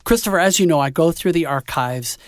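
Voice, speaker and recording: A man's voice: fairly high pitch, lively intonation, fairly quick, dry recording. Jokey male radio host, dry sound. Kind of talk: casual chat.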